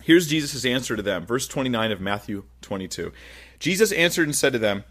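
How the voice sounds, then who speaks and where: A man preaching a Bible-study sermon in a mid-pitched voice. He talks with lively emphasis, pushing up on key words and dropping low at the ends of phrases. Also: fairly quick. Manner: animated, rising and falling emphasis while reading scripture. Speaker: pastor.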